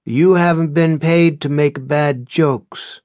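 A man voicing a cold, controlling man who gives curt, clipped orders, higher and louder than his own narrating voice. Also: steady tone, slow pace, dry recording, studio quality. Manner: curt, commanding.

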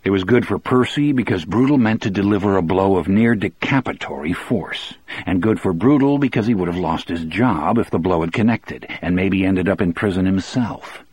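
A man with a husky voice reading a first-person audiobook in a measured, reflective way. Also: low-pitched, darkish tone, no room sound. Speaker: audiobook narrator.

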